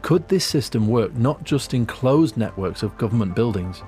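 A man delivering measured, scripted documentary narration in a storytelling manner. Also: mid-range voice, expressive, a little mellow, faint music behind.

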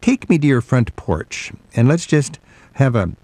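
A man's voice: medium pitch, very animated, unhurried, dark tone, no room sound. A man hosting a travel radio show, chatting with a guest in a folksy, enthusiastic way with frequent ums. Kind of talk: relaxed interview chat.

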